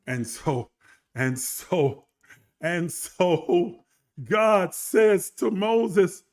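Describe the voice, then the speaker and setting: A man preaching a livestreamed sermon, building from low talk to shouted emphasis and calling on listeners to respond. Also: lively intonation, very slow. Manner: calls on online listeners to respond.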